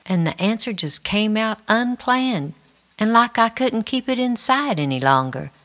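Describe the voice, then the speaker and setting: A middle-aged woman narrating her own life story in the first person, quiet and reflective. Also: fairly high pitch, expressive, unhurried. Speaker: memoir narrator. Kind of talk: first-person memoir reading.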